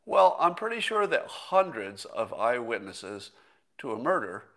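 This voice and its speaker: A man's voice: medium pitch, big pitch swings, unhurried, fairly bright tone. A middle-aged man hosting a casual solo commentary stream, rambling and thinking aloud with fillers and restarts, sometimes sarcastic. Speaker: host.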